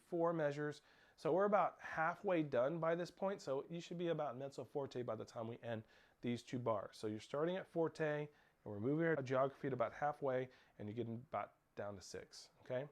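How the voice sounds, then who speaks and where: Man teaching snare drum. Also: fairly high pitch. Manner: counts off and calls out rhythms, sometimes shouting over drums. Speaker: percussion teacher. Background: snare drumming.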